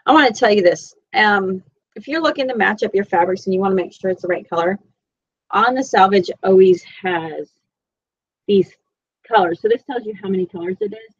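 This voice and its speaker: A woman's voice: mid-range voice, expressive, brisk, lo-fi sound. Chatty Southern woman teaching sewing. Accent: Southern US, Florida. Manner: chatty, rambling, self-deprecating. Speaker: sewing instructor. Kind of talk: live-streamed sewing tutorial. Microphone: computer mic.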